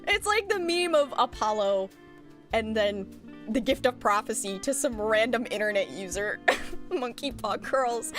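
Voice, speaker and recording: A woman streamer chatting casually with her viewers, animated and blunt, laughing often. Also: on the high side, measured pace, soft background music.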